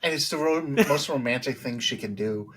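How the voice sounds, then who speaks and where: A man's voice: medium pitch, fairly quick, fairly bright tone, slightly rough. A man appearing as a guest on a podcast, talking casually and reflectively about a film, often with short agreeing replies.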